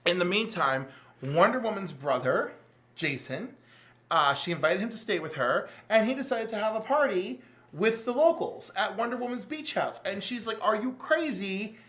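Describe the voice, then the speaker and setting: A man with a notably high speaking voice co-hosts a laid-back chat. He gushes and jumps around in pitch as he recaps plots. His energy swings between hushed and loud. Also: normal speed. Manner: animated and gushing. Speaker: podcast co-host. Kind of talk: casual chat.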